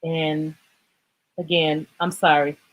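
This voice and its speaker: A woman's voice: deep voice, little pitch movement, takes it slowly, lo-fi sound. A woman hosting a casual fitness livestream, talking in a rambling, emotional way, choked up and apologizing as she goes. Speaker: livestream host.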